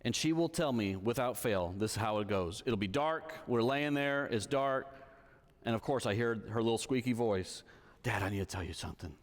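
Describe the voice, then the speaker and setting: A man's voice: medium pitch, normal speed. A man in his thirties preaching a sermon in a church hall, telling stories conversationally and checking in with his listeners. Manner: conversational storytelling, checks in with the audience.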